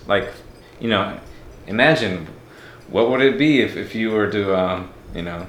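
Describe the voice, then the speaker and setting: A man's voice: on the low side, unhurried, roomy sound, a little hiss or hum. A man from Mexico talking as a podcast guest, reflective and candid in a casual interview.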